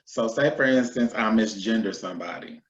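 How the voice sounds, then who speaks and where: Playful young man in a roomy, muffled recording. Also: fairly low pitch. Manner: playful, quick to laugh. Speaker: co-host. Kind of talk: casual educational discussion.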